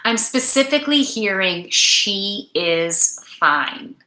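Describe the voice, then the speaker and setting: A woman giving a live oracle card reading, speaking gently and emotionally to her viewers and reading their comments aloud. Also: medium pitch, lively intonation, slow pace, echoey room, poor audio. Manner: gentle, spiritual, emotive, reads chat aloud.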